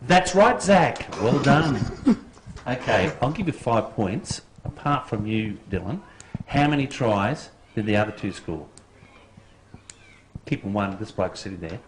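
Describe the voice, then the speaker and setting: A man's voice: fairly low pitch, lively intonation, a little slow, noisy background. Quiz host: Australian man, jokey and teasing, voice swings up and down. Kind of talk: live quiz show hosting. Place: football club room.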